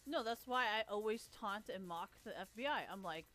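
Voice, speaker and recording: A woman's voice: mid-range voice, expressive, normal speed, few pauses, a bit bright, soft background music. A woman on a livestream ranting with a profane, taunting, sarcastic manner. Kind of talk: livestream rant.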